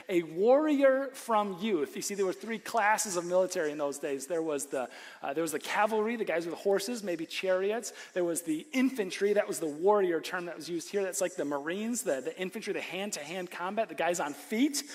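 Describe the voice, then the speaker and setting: Pastor guy preaching, high voice, gets loud then goes quiet, cracks jokes, church hall echo. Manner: animated, swings from loud to hushed, joking asides. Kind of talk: sermon. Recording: long hall reverb.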